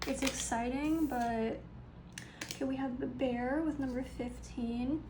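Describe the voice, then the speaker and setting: A woman's voice: high-pitched, steady tone, a little slow, background noise. Chatty young woman reading tarot cards. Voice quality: vocal fry. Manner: chatty, upbeat, many ums and little laughs. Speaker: tarot reader. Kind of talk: casual pick-a-card tarot reading.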